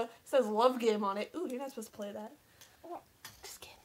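A woman's voice: fairly high pitch, fairly even intonation, fairly quick, darkish tone. A young woman, chatting playfully and breathlessly in her bedroom, giggling and teasing. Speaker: vlogger. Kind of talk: casual chat.

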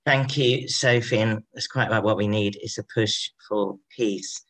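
Low-voiced man chairing a panel. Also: measured pace, low-quality recording. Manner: relaxed, reads out audience questions, some fillers.

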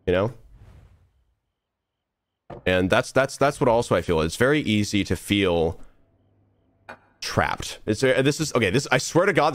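A young man streamer with a voice on the low side talks while playing a game, with no room sound. His monologue is casual and earnest but rambling, full of restarts and trailing asides.

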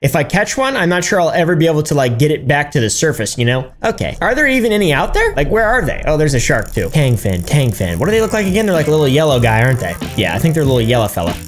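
A man giving casual gameplay commentary, excitable and yelling and cursing at the game. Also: fairly high pitch, fast talker, few pauses, soft background music. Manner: excitable, yells and curses at the game. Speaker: gaming YouTuber.

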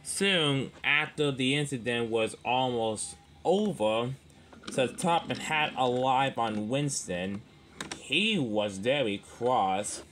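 A man narrating a homemade toy-train story in a rambling, halting way. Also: mid-range voice, a bit bright, a little hiss or hum.

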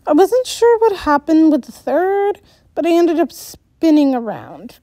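A woman's voice: very high-pitched, very animated, a little slow, dark tone, no room sound. A woman reading a first-person story aloud, with restarts and little asides. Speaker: story reader.

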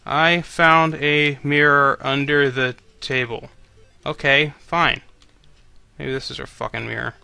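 A man's voice: mid-range voice, fairly even intonation, takes it slowly, vocal fry, bright, forceful tone, smooth, soft background music. A man commentating on a video game he is playing, swearing constantly and griping sarcastically at the characters. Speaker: let's play commentator.

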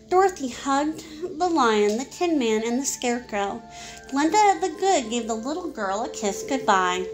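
A woman reading a picture book aloud to a child in a calm, clear storytelling manner. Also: sits high, normal speed, over music, low-quality recording. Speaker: storybook reader.

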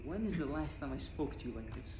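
A man's voice: fairly high pitch, expressive, brisk, noisy background. A male rabbi giving a Torah talk, firing rhetorical questions at his audience with emphasis. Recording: echoey room with faint ambience.

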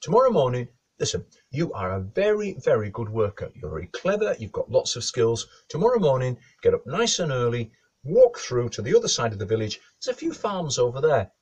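A man voicing a shrewd, caring village wife who speaks briskly and coaxingly. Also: medium pitch, sing-song, husky, highs cut off, voice pushed up. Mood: encouraging.

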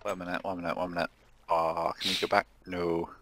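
A man with a very deep voice fires off quick remarks while playing a game with friends. He talks fast. Clear noise runs steadily behind his voice. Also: little pitch movement, a bit bright. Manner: quick, reacting and apologizing. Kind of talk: casual gaming chat.

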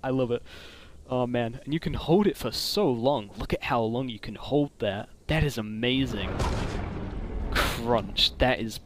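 A man giving casual commentary on a game mod, excitable and gushing, with frequent exclamations. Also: medium pitch, a little slow, background noise. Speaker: gaming commentator.

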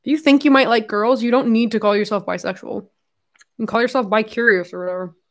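A woman's voice: fairly high pitch, fairly even intonation, fast. A young woman chatting on her live stream, rambling frankly and swearing, talking while she eats. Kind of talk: casual live-stream chat.

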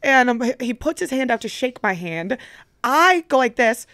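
A young woman co-hosting a podcast, telling a story in casual chat, animated and swearing freely as she acts out her own reactions. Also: a little high, moderate pace, no echo, studio quality. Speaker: podcast co-host.

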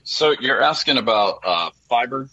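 A man's voice: mid-range voice, expressive, normal speed, pushed and bright, breathy edge, dry recording, highs cut off. A man co-hosting a tech radio show, answering a caller in a plain, candid way. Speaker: radio co-host. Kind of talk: casual call-in radio talk.

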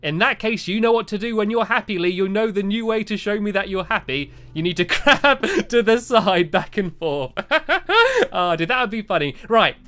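A young man giving cheerful, excitable commentary while playing a game and chatting to a friend and to his viewers. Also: sits high, normal speed. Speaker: gaming video host. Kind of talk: playful let's-play commentary.

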